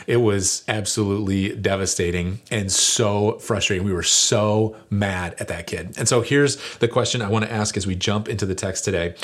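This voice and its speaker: A man who is a lead pastor, telling a story in a relaxed, chatty sermon with many fillers. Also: fairly low pitch, moderate pace, few pauses.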